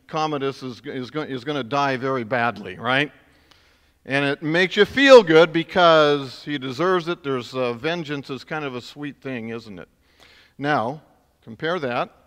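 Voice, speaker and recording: Bright-voiced preacher in a reverberant hall. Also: male voice, mid-range voice. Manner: conversational, building to emphatic peaks. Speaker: pastor. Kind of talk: sermon. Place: church sanctuary.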